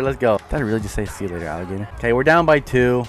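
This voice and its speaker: A young man commentating his own football video game as he plays, excitable and foul-mouthed, trash-talking opponents and yelling at big plays. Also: medium pitch, very fast, few pauses, soft background music. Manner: excitable, swears a lot, yells at plays, trash-talks opponents. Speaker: gaming YouTuber. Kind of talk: live gameplay commentary.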